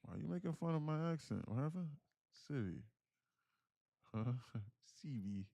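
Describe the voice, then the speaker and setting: A man's voice: fairly high pitch, moderate pace, vocal fry. A man hosting a live day-trading stream, talking casually and reading chat messages aloud, with slang and the odd curse. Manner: animated, reads chat aloud, slangy and profane.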